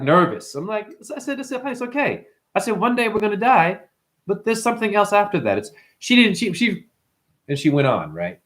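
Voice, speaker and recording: Male livestream host, high-pitched, profane, animated rant. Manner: profane, animated, mimics customers in high voices.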